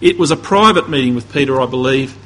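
A man's voice: mid-range voice, fast, a bit bright, poor audio. A man preaching a conversational sermon, building to emphatic peaks and often restarting his phrases.

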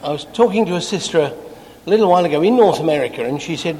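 A man with an English accent giving a Bible class talk to a congregation, self-deprecating and quickening as he gets excited. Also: a little high. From England. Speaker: preacher. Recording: long hall reverb.

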